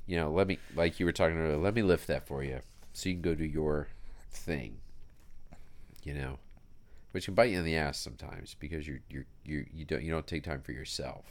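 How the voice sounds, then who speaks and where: A man's voice: a bass voice, a little fast. A man hosting a podcast, talking in a rambling, folksy way with frequent restarts. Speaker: podcast host. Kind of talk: casual conversation.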